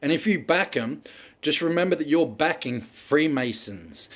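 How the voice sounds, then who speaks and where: A man's voice: on the high side, lively intonation, normal speed. A young Australian man ranting angrily with plenty of swearing as he tells a personal story in a rambling way, full of ums. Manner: angry, profane, rambling with frequent ums. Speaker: vlogger telling his own story.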